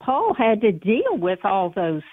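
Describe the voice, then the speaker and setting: A woman's voice: medium pitch, wildly swooping pitch, unhurried, no echo. A woman calling in to a Christian radio show and speaking earnestly about churches and pastors. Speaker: caller. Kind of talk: call-in radio comment. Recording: tinny phone line.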